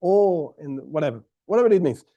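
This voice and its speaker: A man's voice: fairly high pitch, expressive, brisk, warm tone, dull audio. Man teaching a Torah class, stressing words. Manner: explanatory, stresses key words, frequent restarts.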